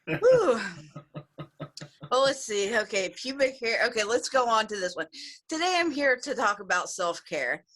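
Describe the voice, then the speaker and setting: A woman's voice: fairly high pitch, normal speed. A woman from the USA doing a frank, raunchy stand-up set over a video call. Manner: bold, frank, deadpan delivery of crude jokes. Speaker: stand-up comedian.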